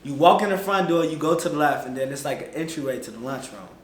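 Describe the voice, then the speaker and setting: A man telling a personal story in an animated, slangy, casual way, jumping between loud outbursts and low mutters. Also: fast talker, echoey room, slight background noise.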